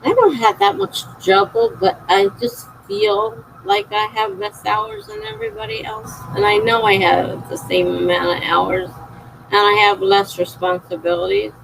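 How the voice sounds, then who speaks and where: A woman's voice: mid-range voice, very animated, noisy background. A woman with a South Jersey accent, a writer chatting casually on a live writing-sprint stream and reading out viewer comments. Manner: slow, gravelly delivery with frequent laughs.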